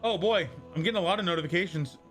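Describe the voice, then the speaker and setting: A young male streamer with a bright, slightly high voice, talking in a loose and rambling way as he reads his chat and answers it. Faint music plays under his voice. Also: very fast. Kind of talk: casual live-stream chat.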